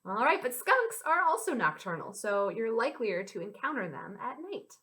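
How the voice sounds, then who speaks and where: A young American woman, a children's librarian, leading a storytime for small children in an animated, sing-song and encouraging way. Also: a little high, moderate pace.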